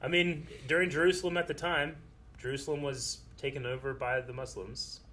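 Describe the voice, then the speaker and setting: A man's voice: on the high side, little pitch movement, a little fast, sharp tone. A young man in a casual movie discussion, chatty and retelling behind-the-scenes trivia. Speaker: show co-host, movie reactor.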